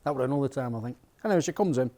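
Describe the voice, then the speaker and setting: A man telling lively, laughing stories from life as a caddie. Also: mid-range voice, rapid-fire. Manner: lively pub-story telling with bursts of laughter. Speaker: caddie and co-host. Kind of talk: casual storytelling chat.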